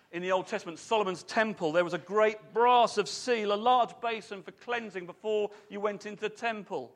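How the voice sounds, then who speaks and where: High-pitched guy preaching, lively and chatty, keeps asking the congregation stuff. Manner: animated, chatty, asks the congregation questions. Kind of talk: sermon.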